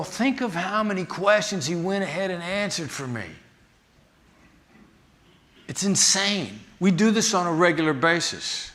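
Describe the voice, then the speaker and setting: A man who teaches negotiation gives a storytelling talk, acting out the people in his anecdotes with lively voices. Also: a little high, normal speed. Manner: animated, acts out the people in his stories. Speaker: negotiation instructor and former FBI agent giving a talk.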